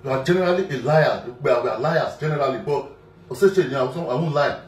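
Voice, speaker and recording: In a medium-pitched voice at a moderate pace, a man with a Nigerian accent gives an emphatic, casual monologue to camera, repeating himself and padding gaps with "you know." Faint music plays, the room echoes, and the mic sits at a distance.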